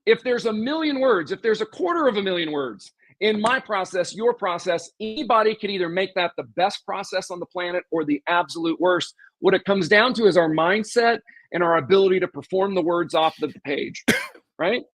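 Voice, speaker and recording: A man's voice: sits high, normal speed, fairly bright tone, no room sound. A man from southwest Missouri, a podcast guest, emphatically explaining sales scripts with examples and questions to the host. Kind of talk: casual interview talk.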